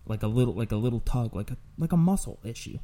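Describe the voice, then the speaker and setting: A man's voice: mid-range voice, animated, fast talker, over a noisy crowd. A young man hosting a podcast, telling crude, profanity-heavy stories in casual chat. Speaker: podcast host.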